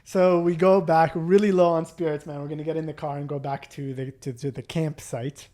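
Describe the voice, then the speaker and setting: Animated young man telling a story. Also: on the high side, a little fast. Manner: animated, acts out quotes, swears. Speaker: podcast co-host. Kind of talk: casual storytelling chat.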